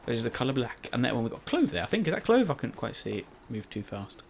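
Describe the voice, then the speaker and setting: A man's voice: medium pitch, sing-song, fast talker, vocal fry, background noise. Rambling man commenting on a game. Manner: chatty, rambling, self-mocking. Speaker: Let's Play commentator.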